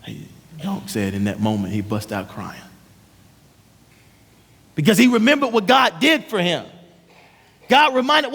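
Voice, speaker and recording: Animated high-voiced preacher in a hall. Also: male voice, unhurried, vocal fry, pauses often. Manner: animated, emphatic, acts out voices. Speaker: pastor. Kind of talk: sermon storytelling. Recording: long reverb of a large hall.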